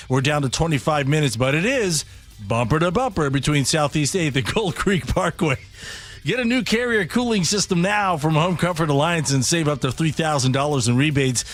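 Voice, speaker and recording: A man reading a radio traffic report with a sponsor message, brisk and upbeat, in a studio. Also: a little high, expressive. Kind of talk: scripted traffic report with ad read.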